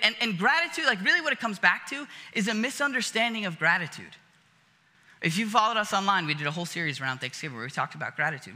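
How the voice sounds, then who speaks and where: A man's voice: high-pitched, bright, forceful tone. A man preaching a casual sermon as a pastor, talking conversationally with lots of fillers and acting out little scenes. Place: church auditorium. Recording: long hall reverb.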